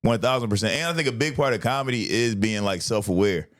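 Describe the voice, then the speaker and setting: A man hosting a podcast, chatting casually and telling stories in a profane, animated way. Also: on the low side, fast talker. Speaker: podcast host, comedian. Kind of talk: casual chat.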